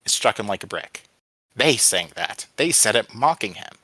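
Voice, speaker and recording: A man's voice: on the low side, lively intonation, moderate pace, pushed and bright, no room sound, poor audio. A man reading his own story aloud in plain narration, with small slips, over voice chat from home.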